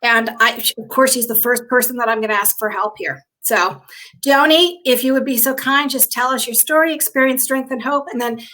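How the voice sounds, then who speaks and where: Excitable high bright-voiced woman host. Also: fairly quick. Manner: excitable, greets viewers by name, emotional. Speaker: host of a live online show. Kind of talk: casual live-stream hosting.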